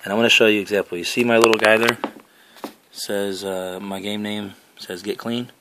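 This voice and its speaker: A gaming headset reviewer talks to camera, casually walking step by step through game console audio settings and repeating his points with plenty of fillers. His voice is on the low side, bright and forceful, with a steady tone and a slightly fast pace, over slight background noise.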